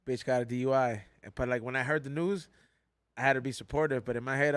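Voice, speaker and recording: A man's voice: medium pitch, fast, a bit bright, smooth, no echo. A man co-hosting a podcast, telling loose, profane stories and acting out the people in them, often laughing. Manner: loose, profane storytelling with laughter and acted-out quotes. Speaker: podcast co-host. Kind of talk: casual chat.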